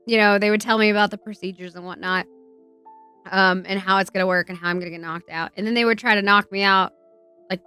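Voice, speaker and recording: A woman streamer telling a personal story in a chatty, emotional way, swearing freely and filling pauses with "um" and "like". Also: medium pitch, sharp tone, clean tone. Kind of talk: casual livestream storytelling.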